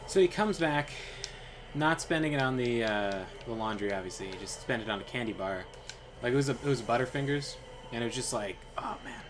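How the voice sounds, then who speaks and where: A young man streams a game and tells a rambling story in casual chat, his medium-pitched voice moving a little fast over a noisy background. He's animated and full of fillers, slipping into quoted voices as he goes.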